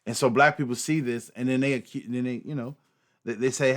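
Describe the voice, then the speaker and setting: A man's voice: medium pitch, lively intonation, brisk. A man hosting a reaction commentary, talking emphatically with frequent repeats, fillers and swearing. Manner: emphatic, repetitive, profane, fillers. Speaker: host.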